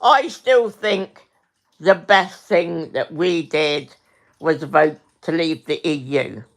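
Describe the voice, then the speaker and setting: On a home livestream, a middle-aged woman with a deep voice delivers an angry rant, speaking slowly and deliberately yet heated the whole way through. She swears freely, repeats herself, and keeps addressing her viewers by name.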